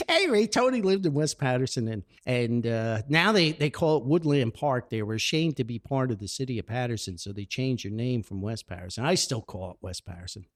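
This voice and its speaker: A man's voice: medium pitch, normal speed, no echo, clean studio sound. A man telling old neighborhood stories in a casual podcast monologue, laughing and acting out the dialogue. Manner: animated, laughing, acts out dialogue. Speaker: podcast storyteller. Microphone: studio mic.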